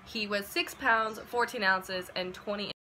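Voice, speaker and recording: A young woman of about twenty tells a personal story in a casual vlog. Her voice is very bright and her tone is chatty. She fills her speech with "like" and "um", and she acts out the quoted lines with animation. A faint hiss sits under her voice. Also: medium pitch, measured pace, rough recording. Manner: chatty, full of "like" and "um" fillers. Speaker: vlogger.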